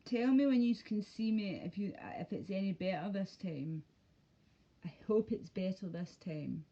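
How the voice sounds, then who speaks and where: A woman's voice: mid-range voice, animated, normal speed, mellow, highs cut off. A woman streaming live from home, ranting casually in a rambling, profane and mocking way. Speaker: livestreamer. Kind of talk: casual livestream rant.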